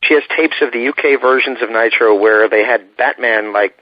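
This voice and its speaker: A man hosting an interview, asking quick, friendly questions in a casual tone. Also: medium pitch, no echo, muffled recording. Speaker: interviewer host.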